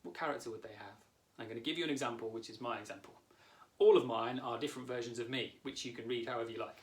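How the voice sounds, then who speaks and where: A man in his thirties, a therapist and coach, calmly explaining a coaching lesson straight to the viewer. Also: mid-range voice, fast. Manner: calm, warm explaining, talks directly to the viewer.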